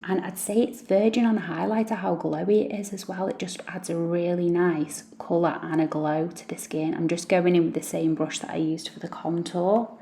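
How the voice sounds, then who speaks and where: A woman chats through her everyday makeup routine like she's talking to a friend, poking fun at herself as she goes. Her voice sits low with a gravelly edge, and the tone is mellow and dark rather than bright. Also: fairly even intonation, moderate pace, few pauses. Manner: chatty and self-deprecating. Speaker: beauty vlogger, mum. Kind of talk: makeup tutorial chat.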